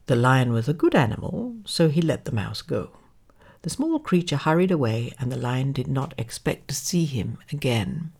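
A woman narrating a children's fable in a dramatic, expressive way, sometimes dropping to a hush. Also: a bass voice, normal speed, slightly rough. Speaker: storyteller.

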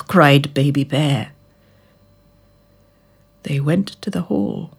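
A woman reading a children's storybook aloud, slowly and expressively. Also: on the low side, breathy edge. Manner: expressive, slow and drawn out.

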